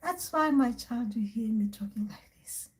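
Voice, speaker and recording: A woman voicing an elderly great-great-grandmother ancestor spirit who speaks softly and haltingly, half in a whisper. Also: a little high, expressive, close to an everyday voice, poor audio. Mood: mournful.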